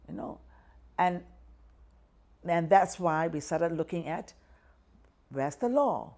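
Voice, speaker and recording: Older malaysian lady in an interview, deep low voice, fired up, keeps going "right?" and "you know". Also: darkish tone. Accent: Malaysian English. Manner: passionate, acts out quoted voices, frequent "right?" and "you know". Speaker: activist guest. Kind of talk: conversational interview.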